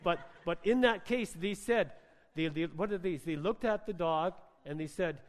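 A man preaching a sermon in a conversational, animated storytelling way, full of filler words. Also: high voice, moderate pace. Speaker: pastor. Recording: long hall reverb.

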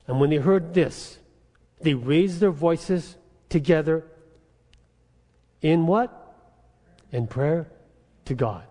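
A man with a high voice preaching a sermon, his words ringing out in the long reverb of a church sanctuary. He tells animated, comic stories. He keeps turning to the congregation with "amen?" and "right?". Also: slow pace, long pauses. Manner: animated storytelling, acts out frustrated phone calls. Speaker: pastor.

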